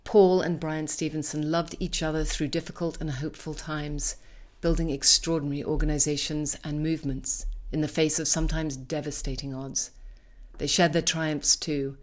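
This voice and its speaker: A woman reading a measured, earnest scripted narration for a memorial video. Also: deep voice, flat delivery.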